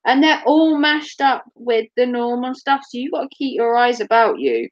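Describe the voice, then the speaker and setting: A woman's voice: a little high, expressive, moderate pace, dull audio. A woman chatting casually to camera as a vlogger, giggly and teasing.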